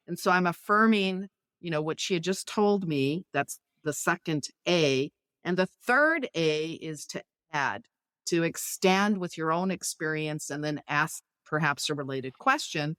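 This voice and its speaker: A middle-aged woman guest on a podcast, walking through small talk advice step by step. Her voice sits a little low, and she backs up each point with a personal story. The sound is dry and close. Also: unhurried, fairly bright tone, no room sound. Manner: clear, instructive, illustrates points with anecdotes. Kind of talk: explaining conversation tips in an interview.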